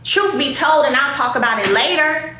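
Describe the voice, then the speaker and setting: Animated woman ranting in an echoey room. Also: high-pitched, normal speed, a little hiss or hum. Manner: animated, emphatic, repeats herself. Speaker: show host addressing critics. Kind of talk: casual direct-to-camera rant.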